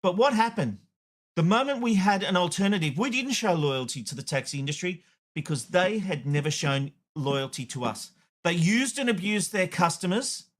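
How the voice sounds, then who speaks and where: Aussie bloke on tv having a rant, tells stories doing all the voices, fairly high voice. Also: male voice. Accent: Australian. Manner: blunt, storytelling with acted-out dialogue. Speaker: TV host. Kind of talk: opinion rant to camera.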